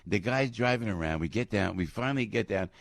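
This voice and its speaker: Gravelly, lively male radio host. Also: lowish voice, fairly quick, dry recording, studio quality. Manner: excitable, stammering restarts, acts out other people. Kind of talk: animated storytelling chat.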